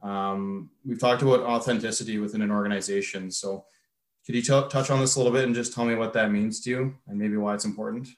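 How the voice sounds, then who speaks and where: Low-voiced host in an echoey room. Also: male voice, quick pace. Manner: relaxed and affirming, asking open questions. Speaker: podcast host. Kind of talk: conversational podcast interview. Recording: roomy, echoey sound.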